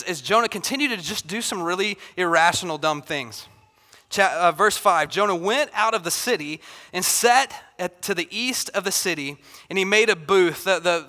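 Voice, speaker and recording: A middle-aged man, a pastor, preaching a sermon in a church in a conversational, animated way, acting out quotes from the story. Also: sits high. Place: church sanctuary. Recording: long hall reverb.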